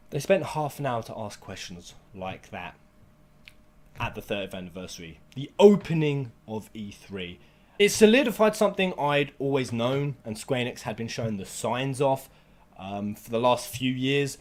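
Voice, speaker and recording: A man giving an angry, sweary rant to camera as a gaming vlogger, with bursts of near-shouting. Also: medium pitch, very animated, moderate pace.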